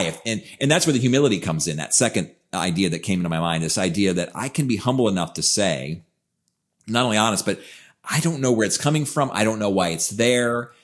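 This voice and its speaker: A man with a lowish voice talks earnestly on a podcast. He reflects out loud and drives his points home with repeated phrases, in a relaxed conversational flow. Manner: earnest and reflective, emphatic repetitions. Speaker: podcast co-host. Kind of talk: casual conversational podcast talk.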